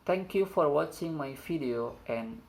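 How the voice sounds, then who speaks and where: Slow, gravelly young man explaining. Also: fairly high pitch, lively intonation, a little mellow, low-quality recording. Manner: slow, halting delivery with restarts, non-native grammar. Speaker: student presenter. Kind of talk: classroom assignment presentation.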